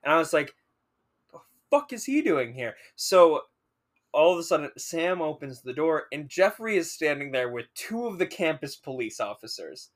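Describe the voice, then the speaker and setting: Young male podcast co-host, casual storyteller, a touch high-pitched, animated and swears freely. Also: normal speed.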